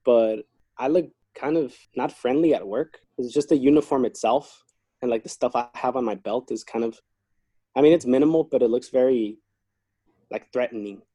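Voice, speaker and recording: Man, corrections officer type, laid-back chatty storyteller, husky warm tone, dry close sound. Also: medium pitch, moderate pace, no room sound. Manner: relaxed, chatty, talks through work stories. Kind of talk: casual interview storytelling.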